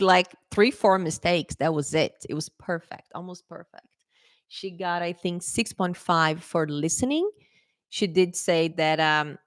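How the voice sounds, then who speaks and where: Woman English tutor, casual storytelling to camera, animated, lowish voice, dry close sound. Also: no echo. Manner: chatty, animated, laughs often, acts out quotes. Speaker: English teacher.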